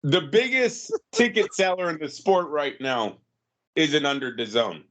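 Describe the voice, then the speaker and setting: A man's voice: a little high, animated, unhurried, a bit bright. A man co-hosting a boxing podcast, giving earnest opinions on fighters. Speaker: podcast co-host. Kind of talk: casual boxing talk.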